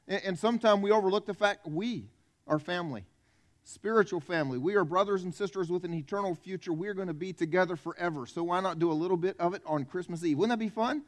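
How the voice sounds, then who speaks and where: A South Carolina pastor gives a Christmas Eve sermon in a high voice. He speaks in a relaxed, folksy way, joking with the congregation and bringing them into the story. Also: fast talker. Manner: conversational, folksy, jokes with the congregation. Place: church.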